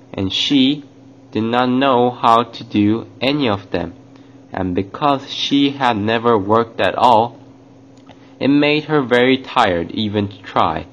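A man narrating a children's fairy tale, addressing young listeners. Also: mid-range voice. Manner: slow, warm address to children. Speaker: storyteller. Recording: dull lo-fi, faint hiss.

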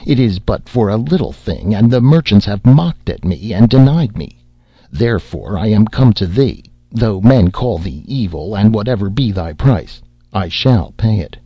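Earnest, reckless young fisherman, a man reading him, deep and breathy, dry sound. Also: lively intonation, moderate pace, no room sound. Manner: earnest, pleading. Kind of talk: audiobook character reading. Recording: slightly dull lo-fi audio.

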